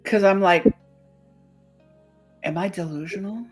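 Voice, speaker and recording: A woman's voice: medium pitch, unhurried, slightly rough. A woman chatting casually on a streamed show, telling stories with some mild swearing. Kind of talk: casual chat. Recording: faint music behind.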